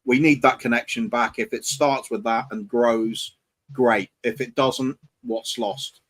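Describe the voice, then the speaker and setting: A man's voice: medium pitch, fairly even intonation, unhurried, a bit bright. A man on a casual panel chat, speaking hesitantly with many fillers.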